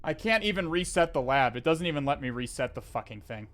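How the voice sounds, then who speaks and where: A man's voice: a little high, animated, fairly quick, fairly bright tone. A man live-streaming a hacking session, talking to viewers in an exasperated way, swearing, sighing and restarting his sentences. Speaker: livestreamer.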